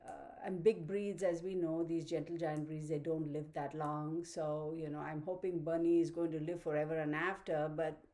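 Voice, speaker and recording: A woman's voice: deep voice, flat delivery, normal speed, hardly any pauses, mellow. A woman hosting a tarot channel who chats casually with viewers, laughs often and baby-talks to her dog. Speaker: tarot reader, channel host.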